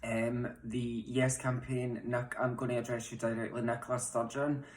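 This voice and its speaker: A woman's voice: very deep voice, flat delivery, moderate pace, darkish tone, slight background noise. Young Scottish trans woman, impassioned direct-to-camera plea, blunt, echoey home room. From Scotland. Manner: impassioned, frustrated, speaks bluntly with swearing. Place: home, room mid-move. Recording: roomy echo.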